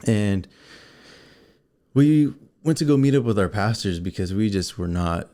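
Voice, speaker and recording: A man co-hosting a casual show, telling a personal story to viewers in an animated way and acting out scenes. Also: on the low side, a little slow. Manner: animated, acts out scenes and quotes. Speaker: co-host.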